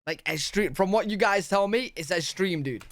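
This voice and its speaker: Slangy excitable man reacting. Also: high-pitched, normal speed, noisy background. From United Kingdom. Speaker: reaction video host. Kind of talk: casual reaction commentary.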